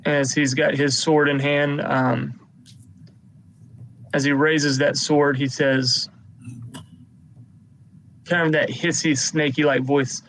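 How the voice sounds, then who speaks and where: A man running a tabletop game as game master, narrating combat turns at an unhurried pace. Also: mid-range voice, level tone, a bit bright, a little hiss or hum, poor audio.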